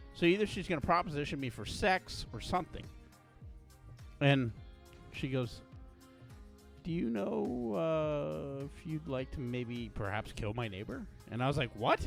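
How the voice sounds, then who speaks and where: A man co-hosting a casual podcast, telling a profane story and acting out the people in it. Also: medium pitch. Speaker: podcast co-host.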